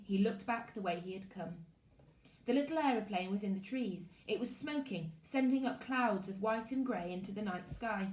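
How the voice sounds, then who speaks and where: A woman, a primary school teacher, reading a children's novel aloud in an expressive storytelling voice. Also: mid-range voice. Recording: echoey room.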